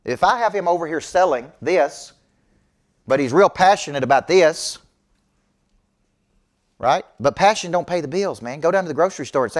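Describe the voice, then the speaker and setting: A man's voice: fairly high pitch, expressive, normal speed, long pauses. A middle-aged man, giving a motivational business talk to an audience in an emphatic, preachy way. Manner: emphatic, preachy, repeats "okay?" to check in. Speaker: business coach.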